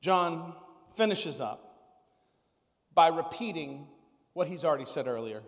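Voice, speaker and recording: A man's voice: on the high side, expressive, measured pace, long reverb tail. A man preaching a sermon as a pastor, conversational, with many rhetorical questions.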